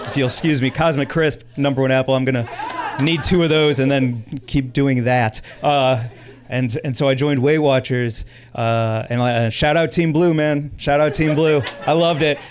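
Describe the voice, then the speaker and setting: A stand-up comedian in his thirties, a man from Chicago, works a comedy club crowd. His voice sits a little high and he gets animated, often laughing through his own lines as he tells the story. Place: comedy club stage with audience.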